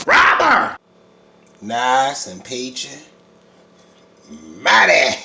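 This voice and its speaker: A man, hosting a casual comedic home baking vlog and jumping between low mutters and loud high exclamations. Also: a little hiss or hum. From New York. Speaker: home baker vlogger. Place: home kitchen.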